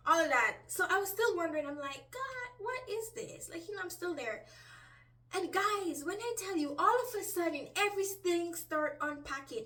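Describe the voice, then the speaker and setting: A woman casually telling a personal story to her viewers, animated, full of fillers and restarts, acting out what people said. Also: sits high, recorded from a distance.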